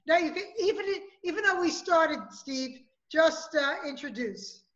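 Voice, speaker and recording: A woman's voice: sits high, expressive, unhurried, a bit bright, highs cut off. A woman co-hosting a podcast in casual chat, talking in a scattered, forgetful way. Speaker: podcast co-host.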